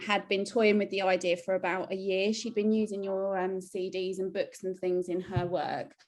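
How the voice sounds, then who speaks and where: Chatty woman telling her story. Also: a little mellow. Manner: chatty, acts out her own quoted remarks in a higher voice. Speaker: newly trained children's relaxation coach. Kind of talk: casual interview chat.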